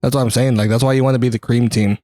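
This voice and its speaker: A man's voice: mid-range voice, steady tone, rapid-fire, warm tone, no echo. A young man co-hosting a podcast, telling stories in casual chat, laughing often and swearing a lot. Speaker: podcast co-host.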